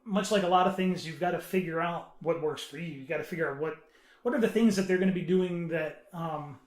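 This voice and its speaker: A man in casual podcast chat, explaining earnestly with halting, restarting sentences. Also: on the high side. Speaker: podcast panelist. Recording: roomy echo.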